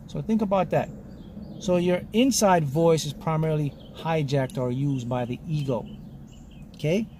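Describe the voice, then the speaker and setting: A man's voice: a little high, normal speed, warm tone, slight background noise. A man giving a motivational talk as a spiritual mentor, speaking in short, emphatic statements and often checking in with "okay?". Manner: lectures in short punchy statements.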